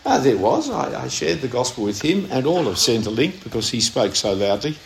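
A man's voice: medium pitch, big pitch swings, moderate pace, creaky, crowd noise. A man with an Australian accent preaching a sermon, telling a story in a conversational way with emphatic stresses. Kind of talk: sermon with anecdote. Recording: echoey room.

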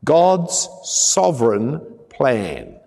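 A man's voice: medium pitch, wildly swooping pitch, very slow, gravelly, dark tone, breathy edge. A man preaching a sermon, emphatic and prone to joking asides. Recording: long reverb of a large hall.

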